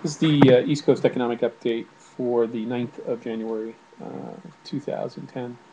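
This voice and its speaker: A man's voice: medium pitch, fairly even intonation, normal speed, noisy background. A man giving casual spoken commentary to camera at home, irritated and ranting, with many fillers and restarts. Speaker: video blogger.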